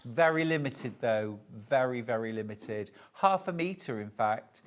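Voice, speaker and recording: TV sales presenter, unhurried and lively in pitch, gushing over each item. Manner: chatty, gushes over the fabrics. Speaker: shopping channel presenter.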